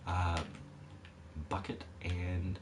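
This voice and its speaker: A man's voice: deep voice, completely flat delivery, drawn-out words. A man who is a parent, streaming a game and rambling casually with jokey asides to his chat. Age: adult parent. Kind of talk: casual live-stream commentary. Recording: noisy background hiss.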